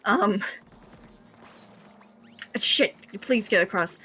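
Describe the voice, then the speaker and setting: Swearing, animated woman streamer. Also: medium pitch, drawn-out words, slightly rough. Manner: swears freely, animated storytelling. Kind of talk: casual gaming chat.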